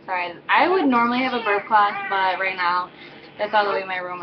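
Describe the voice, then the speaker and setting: The teenage vlogger rambles through a personal story at home with a baby present, stumbling over fillers and correcting herself as she goes. She speaks briskly at medium pitch, the audio is dull, and a crowd can be heard in the background.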